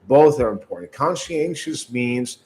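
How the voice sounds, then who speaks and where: A man's voice: medium pitch, expressive, unhurried, darkish tone, a little hiss or hum, poor audio. Man coaching sales voice technique. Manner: repeats words, often ends points with "right?"; coaching, direct advice. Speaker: sales trainer. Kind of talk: instructional talk on sales calls.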